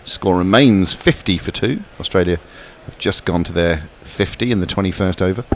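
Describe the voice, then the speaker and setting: A man with a lowish, voice calls cricket ball by ball in an easy, chatty way. A faint hum sits behind him. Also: normal speed. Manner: chatty, joking between deliveries. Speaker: cricket commentator. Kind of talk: ball-by-ball radio commentary.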